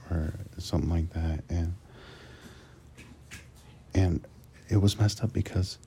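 Deep gravelly man rambling crudely. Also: warm tone, slight background noise. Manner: rambling, crude and profane, frequent restarts. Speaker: truck driver. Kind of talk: casual rambling storytelling monologue.

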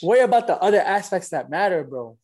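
A man, telling a dating story in a loose, animated, slangy way and acting out both sides of each exchange. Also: high-pitched, fast talker, crowd noise. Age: 20s. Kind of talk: casual storytelling.

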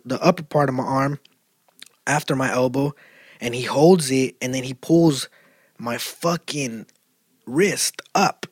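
A man telling a casual, profane, slang-heavy story, getting loud and animated as he goes. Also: a little high, slightly rough, dry recording, clean studio sound. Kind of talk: casual chat.

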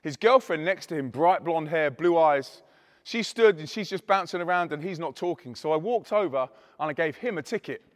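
A man's voice: fairly high pitch, normal speed, big-room sound. A Christian youth speaker, a man, telling an emphatic testimony story to an audience and acting out the dialogue. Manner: animated, emphatic, acts out quoted dialogue.

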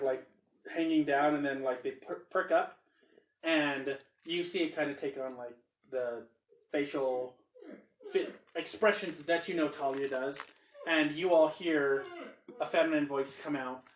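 A man's voice: a little high, echoey room, a little hiss or hum, low-quality recording. A man narrating a tabletop game as game master, loose and chatty with many fillers.

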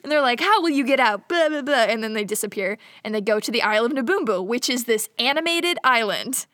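A woman's voice: on the high side, lively intonation, fast talker, fairly bright tone, no room sound, studio quality. A young woman casually retelling a movie plot to a co-host, chatty and giggly, acting out the characters' lines. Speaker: podcast co-host.

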